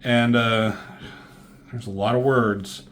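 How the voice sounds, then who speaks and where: A man giving a casual, rambling comic book review, swearing freely and filling pauses with "um". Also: mid-range voice, steady tone, a bit bright, slight background noise. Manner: rambling, profane, lots of fillers.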